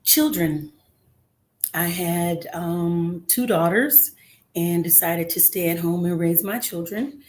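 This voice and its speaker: Middle-aged woman, low-pitched and chatty. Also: takes it slowly, darkish tone. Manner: conversational with frequent "um" fillers, earnest and encouraging. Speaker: guest singer. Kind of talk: casual interview. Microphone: remote call.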